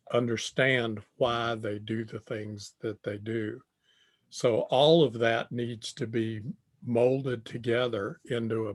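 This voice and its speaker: Older man, tutorial lecturer, slow measured delivery, mid-pitched voice, repeats phrases while thinking. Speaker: tutorial presenter. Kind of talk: lecture on communication skills.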